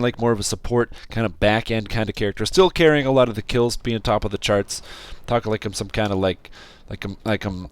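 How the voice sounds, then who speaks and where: A man with a sore, scratchy throat giving casual, rambling commentary while he plays a game, with sudden excited outbursts. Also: fairly low pitch, smooth. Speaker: game streamer.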